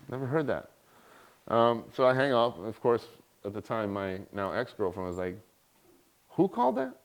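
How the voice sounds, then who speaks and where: A man's voice: lowish voice, measured pace, pauses often. A middle-aged man giving a guest lecture, telling an anecdote and acting out the people he quotes. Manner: animated, acts out quoted voices. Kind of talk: storytelling in a lecture.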